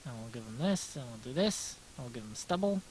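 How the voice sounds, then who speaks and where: An American man with a soft, smooth voice chats loosely with his livestream viewers while drawing. He rambles, repeats himself and pokes fun at himself as he answers their questions one after another. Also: mid-range voice, expressive, fairly quick, slight background noise, poor audio. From United States. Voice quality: gentle smooth voice. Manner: rambling, self-deprecating, answers chat aloud. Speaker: livestreaming artist.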